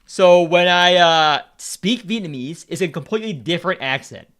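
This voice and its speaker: A man's voice: high-pitched, lively intonation, moderate pace, a bit bright. A Vietnamese American man streaming, rambling in casual chat, repeating words and swearing freely as he talks. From United States.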